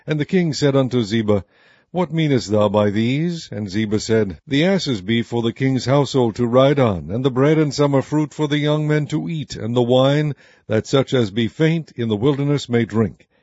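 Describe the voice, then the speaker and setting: A man giving a steady, measured scripted reading of scripture as narrator. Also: mid-range voice, no echo, lo-fi sound.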